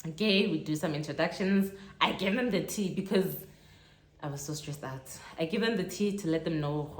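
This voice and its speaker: A young South African woman telling a lively travel story in a casual vlog, acting out the dialogue as she goes. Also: deep voice, normal speed, roomy sound. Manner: animated storytelling, acts out dialogue. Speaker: vlogger. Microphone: phone on tripod.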